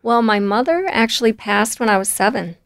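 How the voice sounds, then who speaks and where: A woman being interviewed, telling personal stories in a relaxed way and laughing easily. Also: fairly high pitch, fairly quick, clean tone, no echo, clean studio sound. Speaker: guest, volunteer and coach. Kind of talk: conversational interview.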